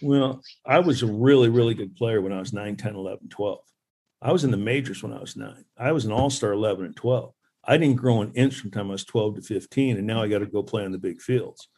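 A man who played professional baseball, a guest telling lively stories about growing up competing with his brother. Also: quick pace, husky. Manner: animated storyteller, mimics others in high voices. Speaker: podcast guest, former pro baseball player. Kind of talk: casual storytelling chat.

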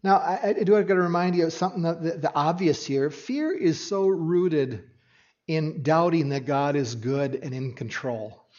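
A man preaching a sermon, earnest and expressive, swinging from hushed, quiet passages to emphatic ones. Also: a little high, normal speed, lo-fi sound. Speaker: pastor.

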